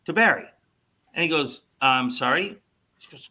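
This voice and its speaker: An older man telling a long anecdote in casual podcast chat, animated and swearing freely as he acts out what people said. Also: medium pitch, normal speed, rough recording. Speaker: podcast guest storyteller.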